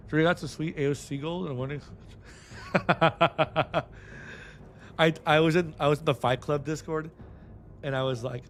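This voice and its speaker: A man's voice: on the high side, steady tone, fast, slight background noise. A man from San Antonio, chatting casually on a livestream in a rambling, restless way, swearing freely. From San Antonio, Texas. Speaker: streamer. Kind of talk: casual stream chat.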